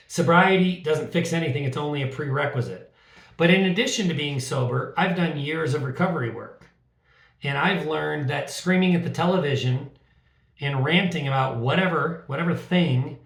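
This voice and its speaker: Gravelly middle-aged man, roomy sound. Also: on the high side, far from the mic. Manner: animated, wry and sarcastic. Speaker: podcast co-host. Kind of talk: casual conversation.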